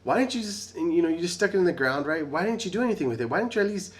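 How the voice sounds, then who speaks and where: A man's voice: high-pitched, animated, rapid-fire, pitched above the performer's own voice. A man voicing a stern male master who scolds a lazy servant in an exasperated way. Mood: angry scolding.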